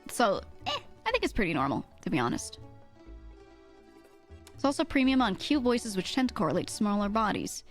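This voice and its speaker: A woman streamer, chatting fast and casually with her chat, swearing freely and laughing often, in a mid-to-low register. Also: sing-song, soft background music.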